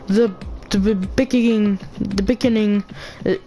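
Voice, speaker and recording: A woman's voice: medium pitch, normal speed, darkish tone. A woman playing a video game who reads its dialogue aloud, often tripping over words and restarting them. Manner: stumbling, restarts words while reading. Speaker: let's player.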